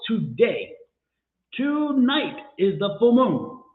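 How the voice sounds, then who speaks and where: A man's voice: very high voice, big pitch swings, takes it slowly, roomy sound, narrow, tinny audio. A man co-hosting a livestream tarot show, upbeat, urging viewers with repeated instructions. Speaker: tarot reader co-host. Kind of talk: livestream chat.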